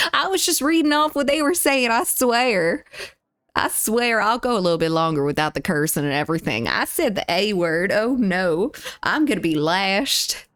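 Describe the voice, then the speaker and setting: Southern woman streamer, mid-pitched, chatty and giggly, dry close desk mic. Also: a bit bright, no echo. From US Deep South. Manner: chatty, greets viewers and reads chat aloud, giggly. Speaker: livestreamer. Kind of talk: casual live-stream chat.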